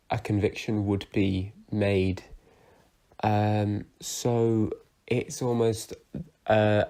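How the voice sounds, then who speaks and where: A man's voice: fairly low pitch, dark tone. A young man giving a casual, rambling review of soap opera episodes, with lots of fillers and restarts.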